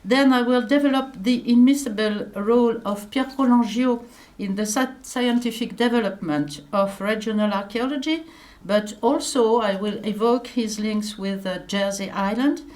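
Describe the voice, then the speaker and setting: A woman's voice: fairly high pitch, darkish tone. French-accented woman giving a lecture. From France. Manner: careful and hesitant, many pauses and uh fillers. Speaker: archaeologist giving a conference talk. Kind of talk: conference lecture.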